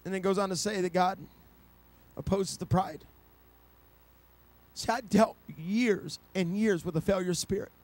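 A middle-aged man preaching a sermon, telling a personal story and rising to loud, passionate peaks. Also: high voice, steady tone, measured pace, pauses often.

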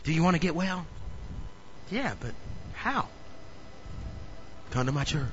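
A male pastor preaching a sermon in an animated way, often questioning the congregation. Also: on the high side, unhurried, dull audio, a little hiss or hum.

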